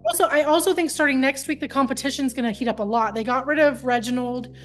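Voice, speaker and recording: A woman co-hosting a casual reality TV chat, agreeable and quick to chime in, giving measured opinions. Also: high voice, soft background music.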